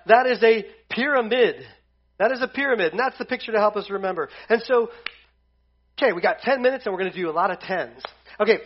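A man teaching a casual Bible lesson to a group. He jokes as he goes and retells scripture in slang. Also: sits high. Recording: dull lo-fi sound.

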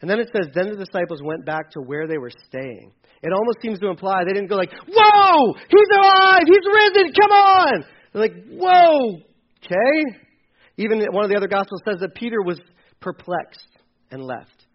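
A man with a high voice preaches a casual sermon, swinging between loud exclaimed bursts and hushed asides as he acts out what people said. The sound is dull and slightly lo-fi. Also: fast. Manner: animated, acts out quotes with sudden loud bursts and quiet drops. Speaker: pastor.

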